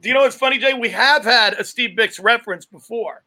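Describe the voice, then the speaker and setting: Very high-voiced teasing man host. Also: brisk, pushed and bright. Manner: teasing, joking banter. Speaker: podcast host. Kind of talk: casual chat.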